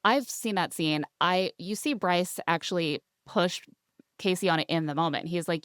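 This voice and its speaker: A young woman co-hosting a podcast, recapping a reality show in animated, indignant casual chat. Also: fairly low pitch, moderate pace, dry recording, studio quality. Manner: animated, indignant, quotes people in mocking voices. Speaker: podcast co-host.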